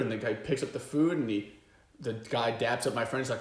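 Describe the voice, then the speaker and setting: Animated young man telling a story. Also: medium pitch, fast, reverberant. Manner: animated storyteller, loud impressions. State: hoarse from a lost voice. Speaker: podcast co-host. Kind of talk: casual comedy podcast chat.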